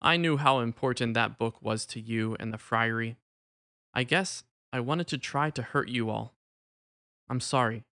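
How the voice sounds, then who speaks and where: A man voicing a young male novice who ran away, speaking in a halting, contrite way. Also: medium pitch, pushed and bright, dry recording, studio quality. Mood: remorseful. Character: young male runaway novice, ashamed and remorseful.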